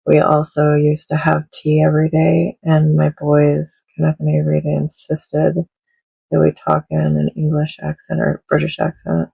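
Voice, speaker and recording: A middle-aged woman chats her way through a craft-with-me video, rambling easily between topics. Her voice is heavily gravelly with a husky, breathy edge. The phone audio sounds dull and lo-fi. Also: low voice, completely flat delivery, a little slow. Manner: chatty and rambling, with soft laughs. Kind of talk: casual craft-with-me chat. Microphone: smartphone.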